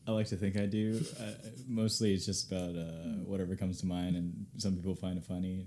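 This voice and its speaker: A young man, a podcast guest, answering quick questions in short bursts, often starting with "uh" and giggling. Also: sits low, flat delivery, warm tone. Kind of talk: casual chat.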